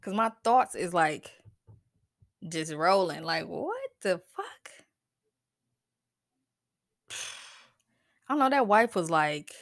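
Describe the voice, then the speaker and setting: A woman's voice: on the low side, very animated, slow pace, pauses often, no echo, studio quality. A woman hosting a podcast in casual chat, talking with profane exasperation and often breaking into laughs and sighs. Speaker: podcast host.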